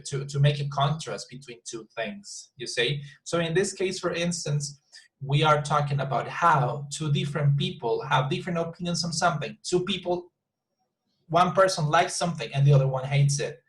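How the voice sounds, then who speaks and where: A man teaching an online English class, patiently repeating words and slowly modelling sample sentences. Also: on the high side, low-quality recording.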